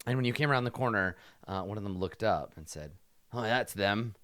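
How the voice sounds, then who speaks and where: A man narrating a tabletop game as game master, relaxed and hesitant with fillers while describing scenes. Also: on the low side, fast talker, no echo.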